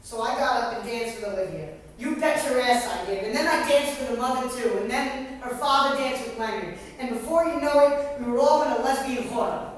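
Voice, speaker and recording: A man's voice: extremely high pitch, a little fast, few pauses. A man performing a chatty middle-aged mother who gossips on the phone, in a stage monologue. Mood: gushing. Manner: gossipy, exclamatory, talks straight to an unseen caller. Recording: echoey stage hall, distant mic.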